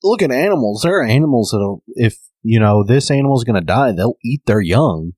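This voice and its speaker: A man co-hosting a podcast in casual chat, musing aloud in halting phrases. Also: medium pitch, animated, a little mellow, dry recording, clean studio sound. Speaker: podcast co-host.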